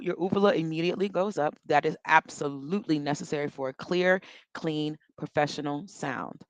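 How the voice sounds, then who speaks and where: A woman's voice: low voice, a little fast, no room sound. A woman vocal coach leading a workshop, giving chatty, encouraging instructions and demonstrating yawns and breaths as she teaches.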